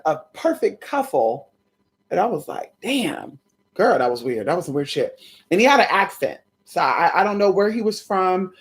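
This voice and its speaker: Chatty, animated woman telling a story. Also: lowish voice. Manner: animated, chatty, profane, addresses viewers as y'all. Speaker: spiritual content creator. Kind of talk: casual storytelling to viewers.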